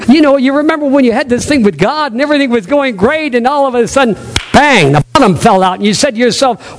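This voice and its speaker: A man's voice: extremely high pitch, expressive, brisk. A man preaching a sermon as pastor, emphatic, repeating his key phrases to drive them home. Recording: reverberant hall.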